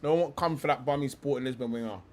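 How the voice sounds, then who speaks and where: A man's voice: medium pitch, fast, darkish tone. A young man, hosting a livestream in a profane, slang-heavy rant. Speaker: livestream host.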